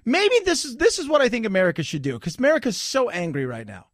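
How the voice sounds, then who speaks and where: A middle-aged man hosts a radio talk show in a casual monologue, joking and sarcastic. His voice sits high and swings widely in pitch. It is recorded close and dry on a studio microphone. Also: quick pace, no echo. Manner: animated, joking, sarcastic asides.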